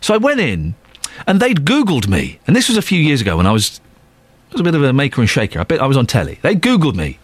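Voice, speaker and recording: A man's voice: mid-range voice, huge pitch swings, quick pace, slightly rough, dry recording. An English man presenting a breakfast radio show, chatty and jokey, rambling into anecdotes with restarts. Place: radio studio. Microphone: studio microphone.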